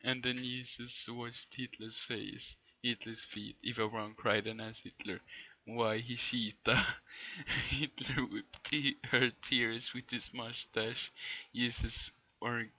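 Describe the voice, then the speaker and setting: A man streaming, reading fan fiction aloud in a deadpan way and often breaking into laughter. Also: medium pitch, slow pace, dull audio.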